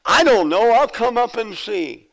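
A man voicing a forgetful ninety-four-year-old sister who yells in a high voice. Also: expressive, a little slow, low-quality recording. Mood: confused.

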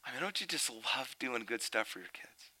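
A middle-aged man preaching a sermon. He tells a family story, then turns loud and emphatic. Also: medium pitch, big pitch swings, normal speed, low-quality recording.

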